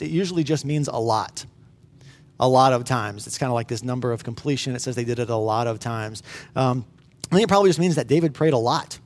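A man's voice: on the high side, darkish tone. Earnest man preaching a sermon. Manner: earnest, conversational preaching with fillers and restarts. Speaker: pastor.

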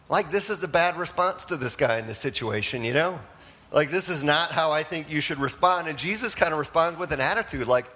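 Speaking briskly in a sharp, animated voice that sits a little high, a male pastor delivers a conversational sermon. Questions to the congregation are frequent, as are fillers such as "like" and "you know."

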